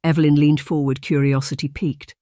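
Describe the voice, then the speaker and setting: An audiobook narrator delivers scripted narration from a romance novel, keeping the storytelling measured and even. The pitch is medium, and the dry recording has studio quality.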